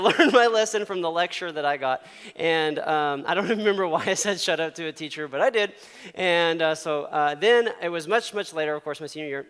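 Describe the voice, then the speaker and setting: A man's voice: on the high side, a bit bright, clean tone, in a large hall. A man in his thirties preaching to young people, chatty and full of laughs, with acted-out quotes in his stories. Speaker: youth pastor. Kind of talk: casual storytelling sermon.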